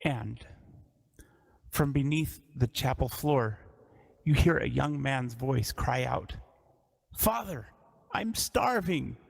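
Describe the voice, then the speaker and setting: A man narrating a tabletop roleplaying game as dungeon master, describing scenes in a measured way. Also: mid-range voice, steady tone, vocal fry.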